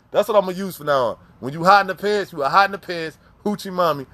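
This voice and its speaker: A man casually telling stories, animated and slangy, laughing often. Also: sits high, fast talker. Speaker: storyteller. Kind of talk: casual storytelling.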